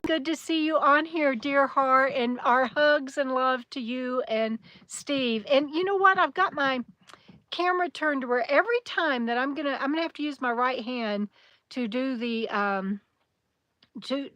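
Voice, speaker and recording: A woman's voice: sits high, a bit bright, dry recording. A woman hosting a casual livestream from a campground, chatting and reading viewer comments aloud. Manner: chatty, reads viewer comments aloud, talks to her dog. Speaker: livestream host. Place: camper at a campground. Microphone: phone on a tripod.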